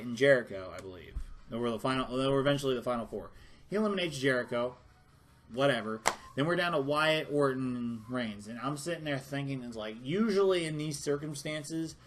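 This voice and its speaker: A man's voice: medium pitch, fairly bright tone. Heated, profane man ranting. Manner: heated, profane, rambling with restarts. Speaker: wrestling reviewer. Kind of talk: casual rant review.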